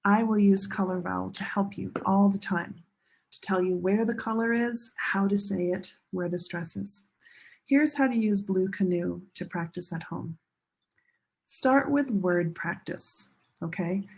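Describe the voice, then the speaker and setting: Woman, pronunciation teacher, husky gravelly voice, slow deliberate delivery, classroom lesson. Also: medium pitch. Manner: slow, deliberate modeling of words with clear stress.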